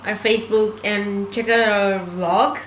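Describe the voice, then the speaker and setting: A woman co-hosting a food-eating video, soft-spoken in chat and upbeat when she signs off to viewers. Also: mid-range voice, steady tone, measured pace. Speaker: mukbang channel co-host. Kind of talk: casual chat while eating. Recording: echoey room with faint noise.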